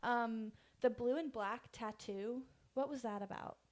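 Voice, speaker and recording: A woman's voice: fairly high pitch, measured pace. A woman co-hosting a podcast in an easygoing book chat. She moves the conversation from point to point and laughs lightly along the way. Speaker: podcast co-host. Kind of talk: casual book discussion.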